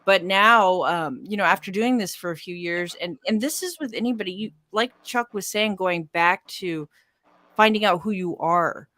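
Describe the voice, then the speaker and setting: Animated woman chatting over a video call. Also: medium pitch, no echo. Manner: animated, quick bursts, frequent fillers. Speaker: podcast and radio host, guest. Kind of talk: casual video-call chat.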